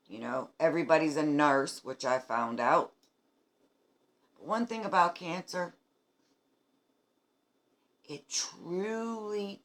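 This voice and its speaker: Sharing her cancer treatment journey in a personal video diary, a New England woman in her fifties addresses viewers with earnest emphasis. Her low-set voice carries a slightly bright quality.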